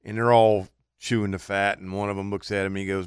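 A man's voice: fairly low pitch, little pitch movement, fast, hardly any pauses, clear, resonant tone, no room sound, studio quality. A man co-hosting a casual radio talk show, playful and joke-telling.

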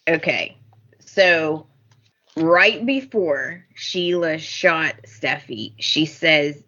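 A woman's voice: sits low, very slow, pushed and bright, dull audio. A woman co-hosting a podcast, retelling soap opera scenes in emphatic casual chat. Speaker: podcast co-host.

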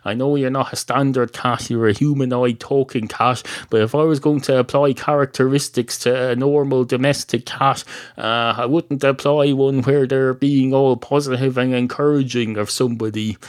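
A man's voice: medium pitch, fairly even intonation, moderate pace, no echo, studio quality, natural voice. A flustered, literal-minded barman, as a man puts him on with a mid-range voice. He argues in a pedantic, puzzled way, like a podcast comedy bit.

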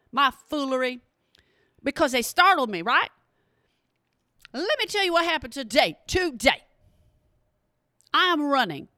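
A woman hosting a podcast, telling stories in an animated, casual way and talking straight to her listeners. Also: high-pitched, no echo, clean studio sound. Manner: animated, talks to listeners directly, exclamations. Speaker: podcast host. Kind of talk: casual storytelling monologue.

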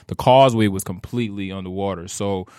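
Deep-ish guy from new orleans, podcast guest, heartfelt, dry close sound. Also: quick pace, clean tone, dry recording. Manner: animated and heartfelt, laughs easily. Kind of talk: casual conversation.

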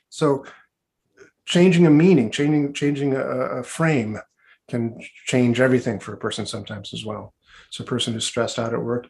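A man's voice: medium pitch, a little mellow. Guy rambling on about his hypnosis work, lots of restarts, sounds like a zoom call. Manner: chatty, rambling with restarts and asides. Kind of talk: conversational interview answer.

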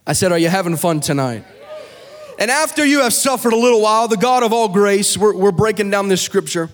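A young man preaching a sermon to a live congregation, moving from easy storytelling to chanted, shouted climaxes. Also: high voice, fast talker.

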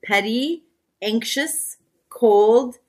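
A woman's voice: fairly high pitch, extremely slow, darkish tone. A woman guest on a chat podcast, telling stories and often breaking into giggles. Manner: giggly, laughs through her stories. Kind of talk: casual chat.

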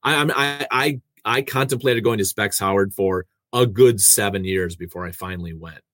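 Radio man, lowish voice, dry close mic, chatty self-deprecating storyteller. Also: moderate pace, fairly bright tone, dry recording. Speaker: radio host and producer. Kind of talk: casual conversational storytelling.

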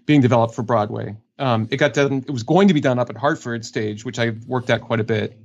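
A man's voice: mid-range voice, fairly quick, vocal fry, a little hiss or hum. A man, a voice actor, chatting as a guest in a casual interview. He rambles and corrects himself, with plenty of fillers. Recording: dull lo-fi audio.

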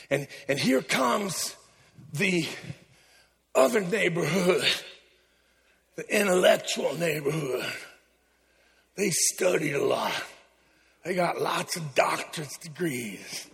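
A man, a pastor preaching a sermon, animated and shouting to his congregation. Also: sits high, gravelly. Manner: animated, shouting, call-and-response. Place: large church hall. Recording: long hall reverb, faint music.

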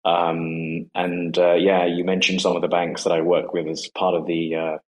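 A man's voice: sits low, monotone, moderate pace, low-quality recording. A man in his forties talking casually as a guest, hesitant and full of fillers and restarts. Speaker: guest, company co-founder. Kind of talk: casual conversation on a live audio space.

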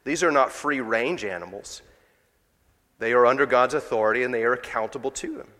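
A man's voice: mid-range voice, a little fast, sharp tone, long reverb tail. A man preaching a sermon in a church, talking conversationally and asking the congregation rhetorical questions. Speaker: pastor. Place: church sanctuary.

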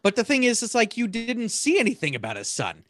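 A man's voice: high voice, fairly quick, no room sound. A man co-hosting a podcast, rambling and joking through a casual movie review with lots of fillers and restarts. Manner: jokey and animated. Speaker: podcast co-host.

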